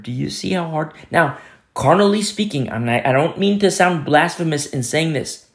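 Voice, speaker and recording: A man preaching a sermon, acting out quoted speakers with sudden swings between loud, high calls and low, hushed asides. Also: lively intonation, normal speed. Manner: dramatic, voicing quoted speakers with big swings in pitch and loudness. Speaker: pastor.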